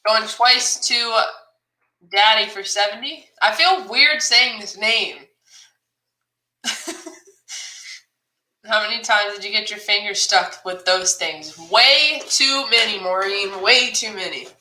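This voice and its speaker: A woman runs a live online auction, laughing easily as she reads out viewer comments and calls the bids. Her voice is very bright and ringing. The room around her has a noticeable echo. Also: mid-range voice, slow pace, pauses often. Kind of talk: live-stream auction chat. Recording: roomy echo.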